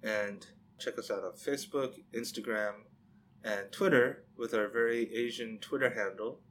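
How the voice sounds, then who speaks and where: A man's voice: on the low side, moderate pace, a bit bright. Guy cohosting a podcast, loose chatty and jokey, light hiss in the background. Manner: playful, rambling, laughs often. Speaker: podcast co-host. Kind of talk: casual chat.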